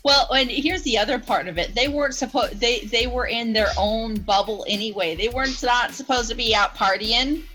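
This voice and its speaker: A woman co-hosting a podcast in casual chat, playful and quick to laugh. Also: on the high side, sharp tone, faint music behind, low-quality recording. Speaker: podcast co-host.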